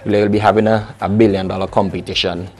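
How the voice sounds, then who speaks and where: A young adult man, a soca artist chatting lively and casually in an interview. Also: fairly low pitch, quick pace. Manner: lively, chatty, full of restarts and local phrasing.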